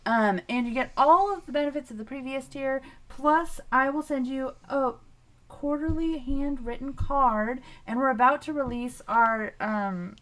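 A woman's voice: sits high, measured pace, fairly bright tone. A young woman co-hosting a podcast in casual chat, laughing often and swearing freely. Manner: laughs often, loose and profane. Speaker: podcast co-host.

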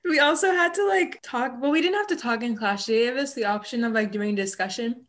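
A woman's voice: a little high, a little fast, a bit bright. A teenage girl co-hosting a podcast, chatting casually and filling her talk with "like" and small laughs. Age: teens. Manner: chatty, many "like" fillers, laughing asides. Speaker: podcast co-host. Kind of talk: casual chat. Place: home, online call.

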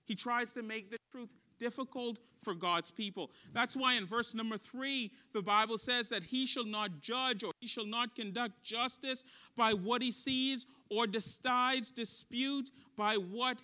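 Bright high-voiced preaching man. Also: a little slow, few pauses. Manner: preaching with call-and-response questions, dropping soft for stories. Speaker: pastor. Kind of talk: sermon.

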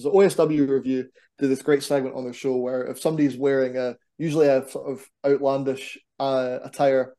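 A man, a wrestler, chatting casually as a podcast guest in an animated, rambling, self-deprecating way. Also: medium pitch, a little fast. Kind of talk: casual chat.

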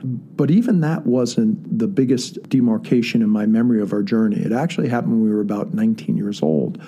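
A man's voice: fairly low pitch, fairly quick, dark tone, breathy edge, lo-fi sound. A man telling a personal story in a casual, earnest way with many fillers. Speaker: guest storyteller.

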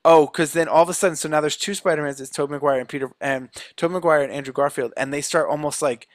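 A man's voice: on the high side, fast talker, no room sound. Man eagerly retelling a movie, dry sound. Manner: animated storytelling, many "like"s. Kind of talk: casual movie recap.

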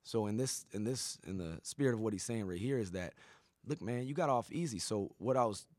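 A man's voice: lowish voice, animated, a little fast, darkish tone, no room sound, studio quality. A man hosting a podcast in casual chat, rambling and profane, often tagging his points with "right?". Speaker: podcast host.

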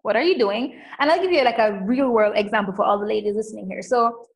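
A woman coach talking in a casual interview, emphatic and animated, often saying "like". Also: medium pitch, fast, gravelly, rough recording. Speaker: coach and guest.

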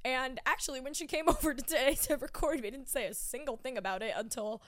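A young woman in her twenties co-hosting a podcast, bubbly and quick to react in casual chat. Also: high voice, no room sound, clean studio sound. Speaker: podcast co-host.

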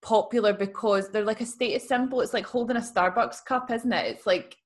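A woman's voice: on the high side, a little fast. A young woman, co-hosting a casual podcast, opinionated and playful. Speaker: podcast co-host. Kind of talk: casual chat.

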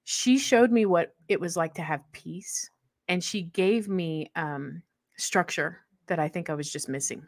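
A young woman with a slightly low voice tells a personal story in easy, conversational speech. She is heartfelt and often laughs in the middle of sentences. The sound is close and dry. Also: unhurried, creaky, no echo. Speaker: guest telling a personal story.

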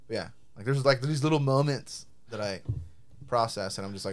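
A young man, chatting casually as a podcast co-host. He tells animated stories, acts out both sides of conversations, and fills his talk with swearing and filler words. His voice sits at an average pitch for a man. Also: a little fast. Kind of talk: casual chat.

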